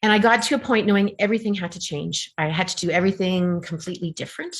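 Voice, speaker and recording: A woman in her fifties from Canada, a coaching client on a video call, exhausted and close to tears, speaking haltingly. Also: lowish voice, fairly even intonation. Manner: halting, hesitant.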